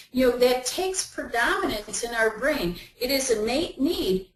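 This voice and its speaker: A woman's voice: high voice, expressive, unhurried. A woman giving a webinar talk in a conversational way, acting out everyday inner voices as she explains. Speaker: webinar presenter. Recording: roomy echo.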